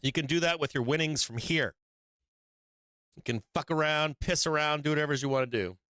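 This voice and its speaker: A man's voice: on the high side, brisk, pushed and bright, no room sound. A man hosting a live stock market show, giving blunt and profane trading commentary with frequent emphatic swearing and laughs between points.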